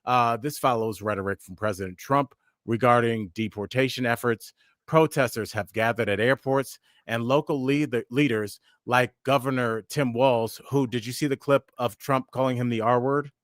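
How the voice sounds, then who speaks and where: A man's voice: medium pitch, steady tone, normal speed, fairly bright tone, dry recording, studio quality. A man co-hosting a news and comedy podcast, talking casually with frequent fillers and restarts. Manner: conversational, many fillers and restarts. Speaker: podcast co-host.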